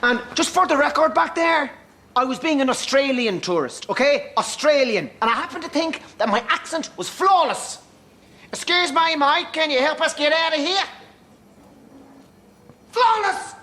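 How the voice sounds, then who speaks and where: A man's voice: very high voice, big pitch swings, normal speed, sharp tone, heavily acted. An actor playing a mild-mannered, middle-aged sitcom father who gets flustered, hesitant and defensive. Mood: exasperated. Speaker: sitcom character, family father. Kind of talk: sitcom acting.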